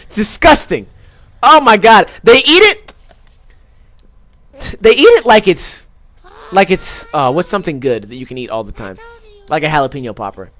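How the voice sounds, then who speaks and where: High-voiced man ranting profanely. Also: big pitch swings, normal speed, long pauses, fairly bright tone. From Las Vegas. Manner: ranting, profane, exaggerated, frequent fillers. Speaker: podcast host. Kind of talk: casual comedic rant.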